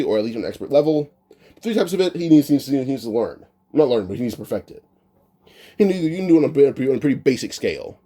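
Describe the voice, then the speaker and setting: A man with a very dark, mellow voice improvises a fan storyline in a loose, chatty way. He rambles, restarts his sentences and leans on filler words as he goes. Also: mid-range voice. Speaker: anime what-if storyteller. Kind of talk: casual improvised retelling.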